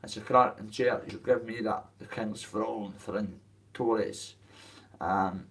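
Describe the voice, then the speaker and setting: A man's voice: fairly low pitch, fairly even intonation, measured pace, creaky, fairly bright tone, far from the mic. A man with a Dundee Scottish accent, ranting to camera about his boxing, in a coarse, rambling way with plenty of swearing. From Dundee, Scotland. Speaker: boxer telling his story. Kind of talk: casual rant to camera.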